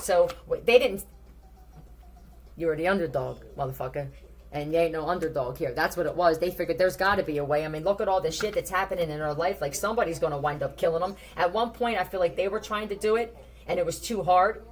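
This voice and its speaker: A woman with a fairly low voice talks through a tarot reading in a loose, conversational way. She is blunt and swears freely as she thinks aloud. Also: a little hiss or hum. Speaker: tarot reader. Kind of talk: casual tarot reading commentary.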